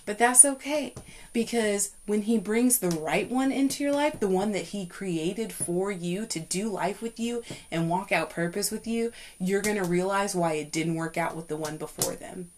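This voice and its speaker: A young adult woman hosting a faith-based talk, speaking in an emphatic, preachy way that climbs high and loud when she gets fired up. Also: moderate pace, a little hiss or hum. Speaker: podcast host.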